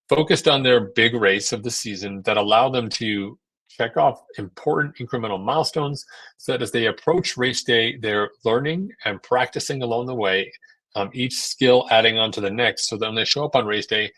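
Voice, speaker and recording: A man's voice: mid-range voice, a bit bright, dry recording. A man, an endurance coach, giving a casual seminar talk with lots of fillers and restarts, sometimes acting out voices in quoted asides. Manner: conversational, many fillers and repeated words.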